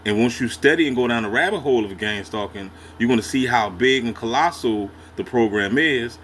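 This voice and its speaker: A man's voice: medium pitch, brisk, a bit bright, slight background noise. Slangy man reacting with emphatic asides. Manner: slangy, emphatic, chiming in with agreement. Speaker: reaction video host. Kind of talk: casual reaction commentary.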